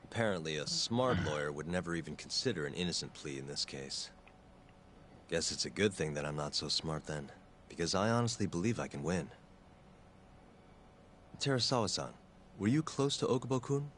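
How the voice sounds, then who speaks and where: A man voicing an earnest lawyer-turned-detective in a video game, speaking in a calm, measured way. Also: low voice, slight background noise. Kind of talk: game voice acting.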